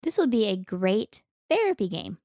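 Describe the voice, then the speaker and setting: A woman's voice: medium pitch, big pitch swings, moderate pace, warm tone, no echo, clean studio sound. A young woman co-hosting a podcast, chatting casually and cracking teasing jokes. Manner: playful, teasing quips. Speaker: podcast co-host.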